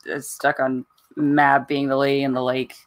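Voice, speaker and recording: A mid-pitched podcast co-host in casual conversation. This speaker thinks out loud, speaks bluntly, and swears freely. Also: little pitch movement, moderate pace. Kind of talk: casual chat.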